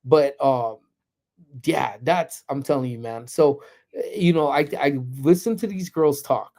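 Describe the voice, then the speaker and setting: A middle-aged man hosting a casual lunchtime livestream, chatting loosely and slipping into playful, animated slang riffs. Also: mid-range voice, unhurried. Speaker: livestream host. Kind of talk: casual live chat.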